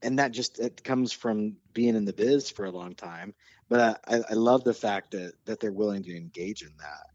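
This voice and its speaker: A man's voice: lowish voice, moderate pace, no echo, lo-fi sound. A man hosting a podcast, telling stories in a casual chat and getting passionate and nerdy about his subject. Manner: animated storyteller, gets excited and nerdy. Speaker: podcast host.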